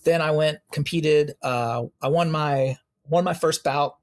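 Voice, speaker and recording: A young American man, a police officer and interview guest, telling animated stories and acting out the exchanges he quotes. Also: a little high, measured pace. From United States. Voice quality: gravelly, husky voice. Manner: animated storyteller who acts out quoted exchanges. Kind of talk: casual storytelling in an interview.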